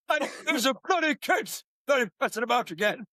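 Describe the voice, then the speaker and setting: A man's voice: very high voice, pushed and bright, dry recording, clean studio sound. A man co-hosting a podcast, telling stories with frequent laughs and swearing. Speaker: podcast co-host. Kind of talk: casual storytelling.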